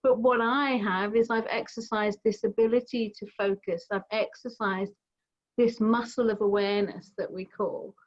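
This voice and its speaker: A middle-aged woman gently guiding a mindfulness session over a video call, explaining with everyday examples. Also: mid-range voice, fairly even intonation, normal speed. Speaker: mindfulness teacher. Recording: slightly dull video call audio.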